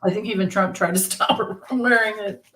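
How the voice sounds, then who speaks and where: A woman's voice: medium pitch, fairly quick, a crowd in the background. A woman hosting a casual livestream of tarot readings, chatty and rambling, laughing often. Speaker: tarot reader and host.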